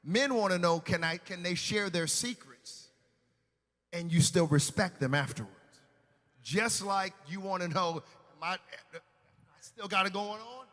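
A man preaching a sermon, telling a personal testimony with emotional storytelling that swings between loud and hushed. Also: high-pitched, lively intonation, unhurried, long pauses, in a large hall.

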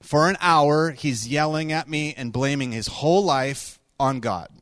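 A male pastor tells stories in a sermon, talking conversationally with quick asides. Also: on the high side, no room sound, studio quality. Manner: conversational, animated storytelling with quick asides and laughs. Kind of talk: sermon storytelling.

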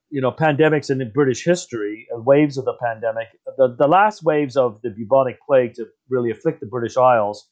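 A thoughtful man talking through history in an unhurried, conversational way, now and then pausing to correct his own phrasing. His voice sits at an everyday middle pitch, and the recording sounds a bit dull and muffled. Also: darkish tone. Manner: thoughtful, self-correcting, wide-ranging pitch. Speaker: historian guest. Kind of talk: conversational explanation. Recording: slightly dull muffled audio.

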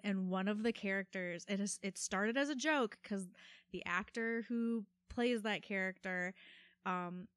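A woman's voice: mid-range voice, smooth, no room sound. A woman in her thirties, co-hosting a podcast in casual, rambling chat full of "like". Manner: chatty and rambling, lots of filler "like". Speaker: podcast co-host.

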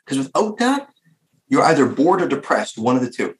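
A man telling a story in casual chat, animated, with frequent fillers. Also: medium pitch, a little fast, poor audio.

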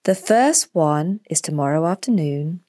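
A woman voicing a calm, patient father in a children's story, speaking in a gentle, even way. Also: low-pitched, measured pace, no room sound, clean studio sound.

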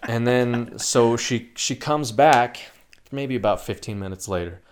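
A man's voice: mid-range voice, unhurried, slight background noise. Profane rambling man telling a story. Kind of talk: casual chat.

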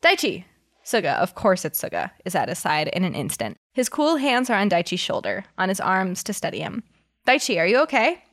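A woman's voice: on the low side, big pitch swings, brisk. A woman reading fan fiction aloud in a casual way, giggling often and breaking in with chatty asides. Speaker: reader.

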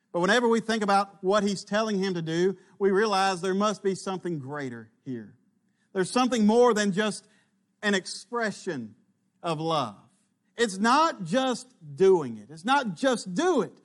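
A man preaching a sermon, slow and emphatic, dropping low at the ends of phrases. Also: fairly bright tone.

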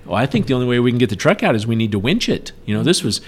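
A middle-aged man telling a story in a casual chat, animated and acting out the shouted lines. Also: medium pitch, rapid-fire. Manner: animated, acts out yelled quotes.

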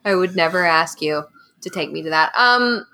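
A woman's voice: on the low side, lively intonation, moderate pace, sharp tone. A woman co-hosting a podcast in casual chat, telling stories and teasing her co-hosts. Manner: chatty, storytelling, playful teasing. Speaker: podcast co-host.

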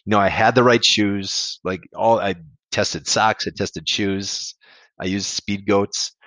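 Low-voiced man telling a candid story. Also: fairly even intonation, slow pace, fairly bright tone, dry recording. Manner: candid, rambling, swears and laughs at himself. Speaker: podcast guest, amateur ultrarunner. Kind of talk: casual storytelling interview.

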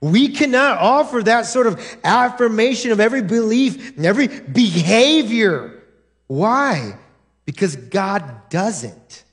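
A man's voice: high voice, expressive, takes it slowly. A male pastor preaching a sermon in a church, emphatic and direct, often stopping to say "listen" and check "right?" with the congregation. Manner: emphatic, drives points home with repeated "listen" and "right?". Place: church sanctuary.

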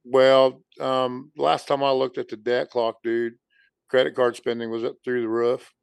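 A man's voice: medium pitch, level tone, measured pace, creaky, clean tone, no echo. A man co-hosting a podcast, talking in a rambling, conversational way and saying "dude" often. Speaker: podcast co-host. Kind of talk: casual chat.

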